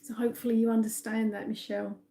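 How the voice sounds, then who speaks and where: Medium lady on a live stream, kinda high but mellow voice, soothing, keeps saying all right. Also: little pitch movement, quick pace, vocal fry. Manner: reassuring, repeats "all right?" often. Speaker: psychic medium.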